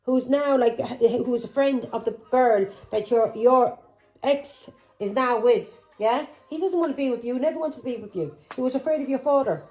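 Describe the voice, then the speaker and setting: A woman's voice: on the high side, normal speed, a little mellow, rough recording. A middle-aged woman, a tarot reader who talks in an angry, accusing way, swearing and firing taunting questions. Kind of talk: tarot reading vlog.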